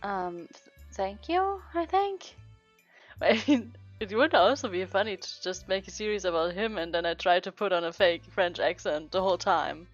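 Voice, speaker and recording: A woman's voice: mid-range voice, muffled recording. A woman streaming a romance game, reading the story aloud and chatting casually with frequent giggles and self-interruptions. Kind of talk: casual let's-play commentary and read-aloud.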